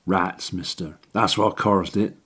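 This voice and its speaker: A man's voice: sits low, fairly even intonation, slow pace, a bit bright, breathy edge, heavily acted. A man voicing a crafty old male church handyman who talks in broad working-class slang. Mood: sly.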